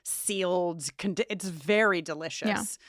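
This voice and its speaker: A woman's voice: lowish voice, slow, a bit bright, no room sound, clean studio sound. Laughing, chatty woman podcast co-host. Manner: chatty, laughs often, swears casually. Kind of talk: casual rewatch podcast chat.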